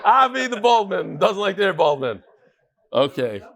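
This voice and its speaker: A man teaching a daily Talmud class to a live group in a study hall. He talks in an animated, joking way and walks through a chart. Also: sits high, moderate pace, gravelly. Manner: animated, joking, explains with a chart and laser pointer.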